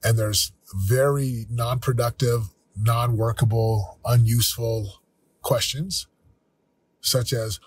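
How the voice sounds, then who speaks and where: A man in his forties, hosting a motivational talk, speaking earnestly and candidly with a slightly husky voice. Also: mid-range voice, fairly even intonation, takes it slowly, no echo. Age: 40s. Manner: earnest, candid, with self-quoting asides. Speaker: podcast host.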